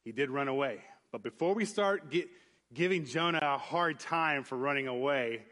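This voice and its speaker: A man's voice: mid-range voice, moderate pace. A man preaching a sermon, telling a personal story in an earnest, conversational way with many restarts. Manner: earnest storytelling, rising into animated retelling with acted voices. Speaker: pastor.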